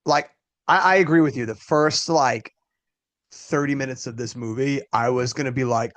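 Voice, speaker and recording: A man co-hosting a movie podcast in casual, animated chat, often laughing. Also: mid-range voice, normal speed. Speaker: podcast co-host.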